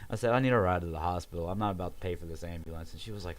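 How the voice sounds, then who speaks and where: Young man, low-pitched, casual storyteller who acts out every voice. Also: racing. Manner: animated, acts out quoted voices, swears. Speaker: podcast guest telling a story.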